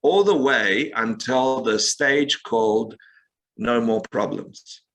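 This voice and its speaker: A man with a bright, forward voice talks through spiritual ideas in a lively conversational way. He tells stories, acts out quick quotes and leans on game comparisons to make his point. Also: medium pitch, poor audio. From United States. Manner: expressive storyteller, acts out quotes, gaming analogies. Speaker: meditation teacher guest. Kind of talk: animated podcast conversation.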